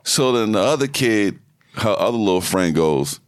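A man co-hosting a casual chat, telling animated stories and swearing freely. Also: sits low, unhurried, pauses often, no echo, clean studio sound. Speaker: podcast co-host. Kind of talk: casual profane banter.

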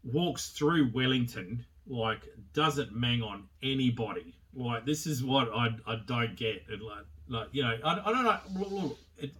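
A man's voice: mid-range voice, lively intonation, unhurried, few pauses, a bit bright, recorded from a distance. A man with a mid-range voice talks his way through a film review in a loose, offhand manner. He rambles, swears freely and leans on fillers as he goes. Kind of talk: casual spoken film review.

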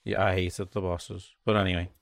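A man's voice: low voice, flat delivery, vocal fry, no echo, studio quality. Sweary, blunt man on a podcast. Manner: blunt, sweary, quick retellings with laughter. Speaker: podcast co-host. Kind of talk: casual chat about video games.

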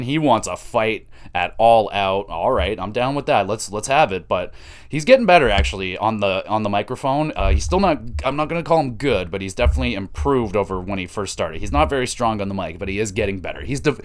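A man hosting a podcast, casually recapping wrestling matches in a profane, excitable, rambling way. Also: lowish voice. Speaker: podcast host.

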